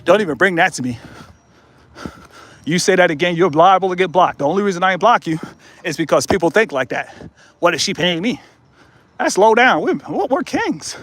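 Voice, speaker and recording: A man streaming live from a mountain path, talking casually into his phone. His voice sits high for a man. He jokes, teases and riffs with his viewers in an easy, playful flow. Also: expressive, brisk, long pauses, fairly bright tone. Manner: joking, playful, riffs with chat and laughs often. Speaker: livestream host. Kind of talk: casual livestream chat while walking. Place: outdoors on a mountain trail, then a tunnel.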